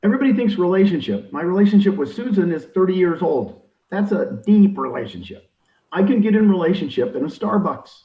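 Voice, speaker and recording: An older man in real estate recruiting who talks in an energetic, emphatic coaching style and acts out quoted dialogue. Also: high-pitched, a little fast. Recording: roomy, distant, dull audio.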